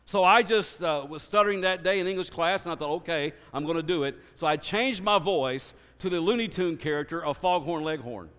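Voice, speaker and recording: A man sharing his personal testimony. He tells it earnestly and in an animated way, often restarting his sentences. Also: a little high, brisk, few pauses, clean tone. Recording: reverberant hall.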